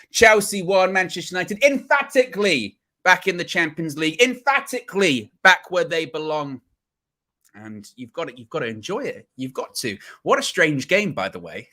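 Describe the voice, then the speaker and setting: High, bright-voiced gloating male stream host. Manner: emphatic, gloating, repeats phrases for effect. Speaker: host of a football fan channel livestream. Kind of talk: live post-match fan reaction show.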